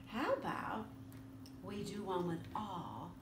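A woman music teacher giving a children's lesson, talking to young kids in a slow, sing-song way. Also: mid-range voice, wildly swooping pitch. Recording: echoey room with faint noise.

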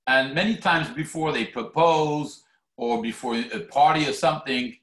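A man preaching a sermon as rabbi, animated and theatrical, acting out mock quotes. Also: medium pitch, normal speed. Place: synagogue hall. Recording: echoey hall.

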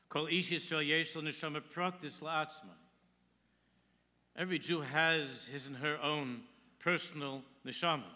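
A man's voice: fairly high pitch, sharp tone. A man giving a sermon as a rabbi, telling a story and quoting Hebrew texts with English translation. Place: large synagogue hall. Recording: long hall reverb.

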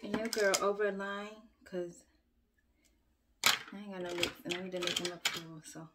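A woman filming a relaxed get-ready-with-me at home, chatting straight to her viewers and poking fun at her own slip-ups. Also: mid-range voice, normal speed, heavy background noise. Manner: chatty and self-mocking, talks straight to viewers. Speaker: beauty vlogger and mother. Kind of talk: casual get-ready-with-me chat. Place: at home, upstairs room.

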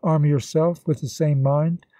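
A man reading the lines of an earnest young woman in an audiobook, speaking solemnly and in measured phrases. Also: a little high, fairly even intonation, warm tone, no room sound, lightly acted. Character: earnest young woman renouncing her love.

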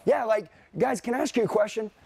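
A man's voice: sits high, fast, creaky, warm tone, breathy edge, no echo. Profane, fired-up male sales trainer. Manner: profane, blunt, fired-up, addresses the crowd directly. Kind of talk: motivational seminar talk. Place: seminar room with a live audience.

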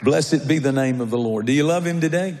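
A man's voice: fairly high pitch, brisk, a little mellow, some chatter behind, a little hiss or hum. A male pastor, preaching a sermon in a conversational, jovial way that rises to a fervent reading. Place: large church sanctuary. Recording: echoey church hall.

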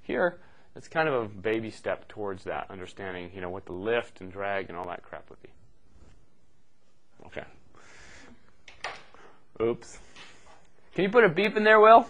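A middle-aged man lecturing a class in a relaxed, off-the-cuff way. His voice sits a little low, and he keeps checking in with "okay" and "right" as he walks through each step, dropping the odd joke along the way. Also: vocal fry. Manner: casual, joking asides, frequent "okay" and "right". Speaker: university lecturer.

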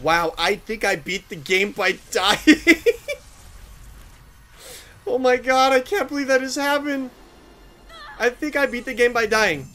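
A gamer giving excitable, swear-filled commentary while playing, with loud outbursts. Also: mid-range voice, normal speed. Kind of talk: gameplay commentary.

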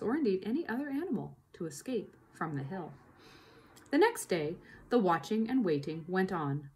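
A woman reading a children's book aloud, narrating in an expressive way. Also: medium pitch. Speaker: reader.

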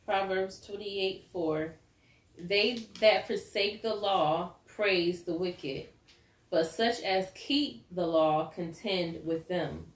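A woman's voice: lowish voice, takes it slowly. A woman reading scripture aloud carefully during a bible study. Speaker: scripture reader. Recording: roomy echo.

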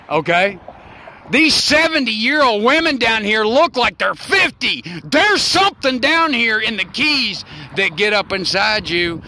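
A man in his sixties giving a rambling, preachy folksy monologue outdoors, with loud bursts. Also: high-pitched, lively intonation, a little slow, slight background noise. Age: 60s. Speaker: online talk show host.

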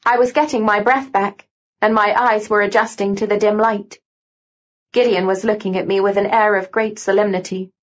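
A woman narrating a novel in first person with steady, even storytelling. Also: medium pitch, normal speed, highs cut off. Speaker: audiobook narrator.

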